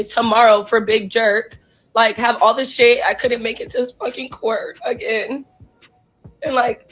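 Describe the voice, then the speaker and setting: Crying hoarse young woman ranting. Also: a little high, fairly bright tone, low-quality recording. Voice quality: husky. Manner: distraught, profane, addresses viewers directly. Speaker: performer livestreaming to fans. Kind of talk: emotional livestream rant.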